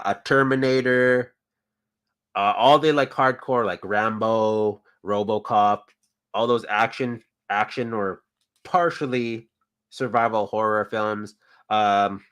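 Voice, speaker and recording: A man's voice: on the low side, fairly bright tone, clean tone. A man hosting a casual show, chatting about toys and films in an easygoing, rambling way. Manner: easygoing, rambling, thinks aloud. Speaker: podcast host.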